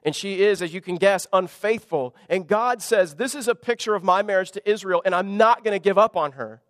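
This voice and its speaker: A high-pitched man preaches with animated emphasis, jumping from loud exclamations to hushed asides. His voice is close and dry on the mic, yet a long reverb from the sanctuary trails behind it. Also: a little fast. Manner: animated, emphatic preaching with humor and sudden drops to quiet. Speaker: pastor. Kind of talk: sermon.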